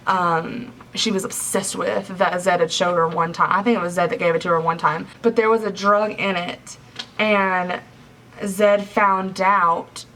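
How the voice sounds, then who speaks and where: A woman's voice: fairly low pitch, fairly even intonation, measured pace, a bit bright. A young adult woman recapping a novel for a book review vlog, chatty and full of 'like' fillers. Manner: chatty, filler-heavy retelling with lots of 'like'. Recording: slightly distant mic, faint background hiss.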